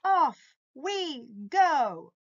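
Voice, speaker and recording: A woman teaching a phonics lesson to young children, sounding out letters and words slowly and clearly. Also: no room sound, lo-fi sound. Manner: slow, clear sounding-out with lively up-and-down pitch.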